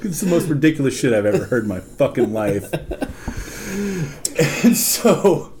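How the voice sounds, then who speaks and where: A man's voice: medium pitch, big pitch swings, normal speed, a little mellow, a little hiss or hum. A man in his thirties, a podcast host, telling a profane story in casual chat, often laughing.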